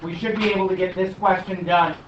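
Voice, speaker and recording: A man's voice: sits high, steady tone, a little fast. A male math teacher questioning and coaxing his students through a problem in class. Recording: echoey classroom from far off, dull, light noise.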